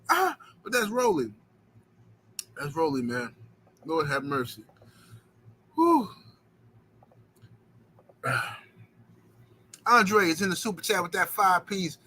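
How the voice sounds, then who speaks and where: A man's voice: high-pitched, sing-song, unhurried, long pauses, bright, forceful tone, husky, poor audio. A man hosting a boxing livestream, rambling in slangy casual chat and filling it with "you know what I'm saying.".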